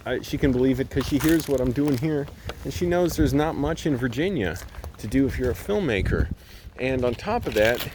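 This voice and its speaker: Man vlogger, casual outdoor ramble on a handheld camera, mid-pitched voice. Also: background noise. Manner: rambling, chatty, laughs at himself. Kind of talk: casual vlog monologue. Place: outdoors walking around a complex.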